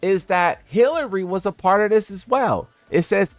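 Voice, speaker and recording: A man's voice: high-pitched, normal speed, no echo, soft background music. A man doing casual commentary for his viewers. He sounds incredulous and teasing, and he laughs at what he reads. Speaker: gaming content creator.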